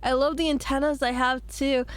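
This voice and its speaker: A woman's voice: sits high, level tone, moderate pace, close to an everyday voice. A woman putting on a sweet baby voice for a cute female bug avatar in a live game stream. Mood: cutesy.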